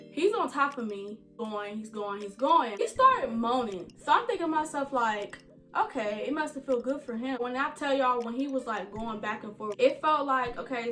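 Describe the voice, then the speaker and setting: A woman's voice: a little high, a bit bright. Chatty young woman telling a storytime. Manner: chatty, addresses viewers as y'all and you guys. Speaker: vlogger. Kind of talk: casual storytime.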